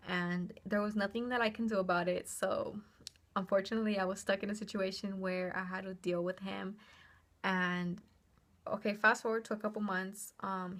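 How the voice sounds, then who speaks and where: Young woman vlogging a storytime, chatty and animated, says like a lot, swears casually. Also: medium pitch. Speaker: vlogger telling a personal story.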